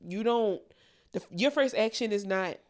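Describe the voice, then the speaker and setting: A woman's voice: medium pitch, moderate pace, heavy background noise. A young adult woman co-hosting a podcast, talking bluntly and candidly with a lot of profanity. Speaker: podcast co-host. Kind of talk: candid casual chat.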